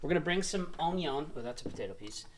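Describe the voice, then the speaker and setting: A man's voice: a little high, big pitch swings, racing, over a noisy crowd. Jokey man hosting a cooking stream. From Irish family roots. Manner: jokey, rambling, chatty. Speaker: cooking show host. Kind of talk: casual live-stream cooking demo.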